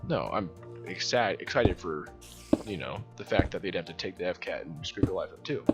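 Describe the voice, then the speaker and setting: Over gameplay, this gaming channel host, a young man from the American South, tells a meandering school story, laughing often and full of fillers and restarts. He speaks low-pitched at a normal speed, with music running in the background.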